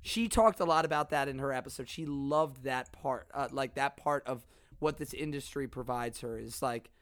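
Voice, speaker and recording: A man's voice: mid-range voice, moderate pace, a bit bright, dry recording. A man co-hosting a podcast, talking in a blunt, profane, joking way. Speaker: podcast co-host. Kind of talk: casual podcast chat.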